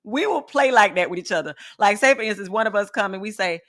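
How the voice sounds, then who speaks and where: A middle-aged woman from Atlanta hosting a casual talk show, telling stories with lively energy and acting out what her friends say. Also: mid-range voice, fast. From Atlanta, Georgia. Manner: animated storyteller, acts out quoted friends loudly. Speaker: podcast host and counselor. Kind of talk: casual chat.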